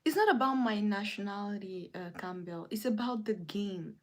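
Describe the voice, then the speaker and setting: A young adult woman hosting a casual livestream, reading viewers' comments aloud and ranting indignantly with sudden jumps in pitch. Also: lively intonation, normal speed. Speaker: livestream host.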